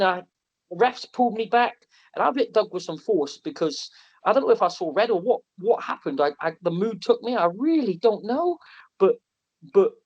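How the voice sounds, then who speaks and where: A man telling animated, self-mocking stories on a podcast, often restarting and laughing. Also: high voice. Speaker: wrestler and wrestling promotion owner. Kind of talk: podcast interview storytelling. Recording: slightly muffled podcast audio.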